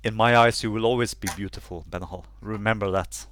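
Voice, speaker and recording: A man voicing a gentle, devoted female elf priestess who speaks softly and soothingly. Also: on the low side, steady tone, a little fast, close to an everyday voice. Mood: tender. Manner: soft, soothing.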